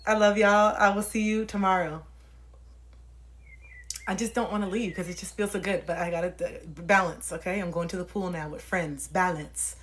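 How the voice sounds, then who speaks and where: A young woman livestreaming, ranting casually and profanely to her viewers in an animated way. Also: fairly low pitch, moderate pace, slight background noise.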